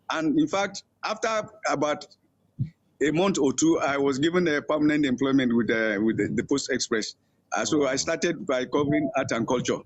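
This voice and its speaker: A veteran Nigerian journalist, older and husky-voiced, shares animated stories as a guest in an interview, pitching up to act out the people he quotes. The sound is dull and muffled, with no room sound at all.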